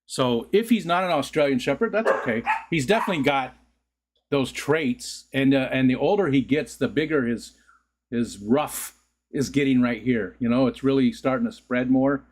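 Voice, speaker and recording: A man in a home room talks loosely to a live chat audience, rambling from one thought to the next and breaking into easy laughter. His voice sits at an ordinary middle pitch, caught on a desk mic. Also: moderate pace. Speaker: livestream host. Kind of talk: casual chat to live viewers.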